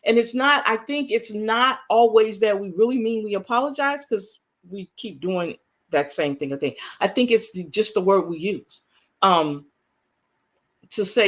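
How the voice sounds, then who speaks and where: A woman vlogger talks casually to camera in an unhurried, mid-range voice with lively intonation. She speaks earnestly and conversationally, repeating points for emphasis and using folksy phrases and frequent fillers.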